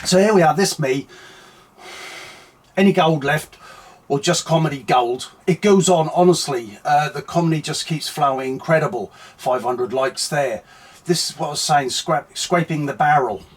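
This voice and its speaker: Man, husky, slightly high voice, sweary, mocking political rant. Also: normal speed. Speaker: online commentary host.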